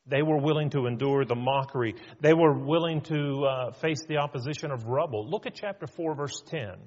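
A man's voice: on the high side, normal speed, darkish tone. A middle-aged male pastor preaching a sermon in a conversational way, often acting out quoted voices. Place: church sanctuary. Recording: muffled church hall with long reverb.

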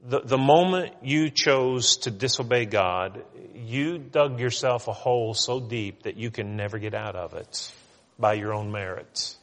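A man's voice: medium pitch, a bit bright, long reverb tail. A middle-aged male pastor reading scripture and preaching an earnest sermon. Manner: reads scripture aloud, then preaches earnestly with small restarts.

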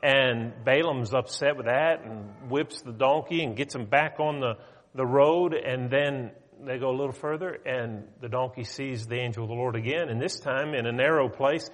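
A man preaching a sermon, retelling a story in a conversational, animated way. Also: medium pitch, moderate pace. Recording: long hall reverb.

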